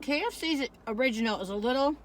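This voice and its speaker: A woman's voice: fairly high pitch, expressive, quick pace, a little hiss or hum. A woman in her sixties rambles chattily through a food review, talking straight to her viewers from inside a parked car on a phone camera. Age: 60s.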